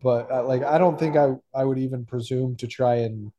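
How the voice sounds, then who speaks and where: Male podcast co-host, warm and mellow, hesitant and reflective delivery. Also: medium pitch, steady tone, moderate pace, muffled recording. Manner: thoughtful, hesitant with many fillers. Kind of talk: casual discussion.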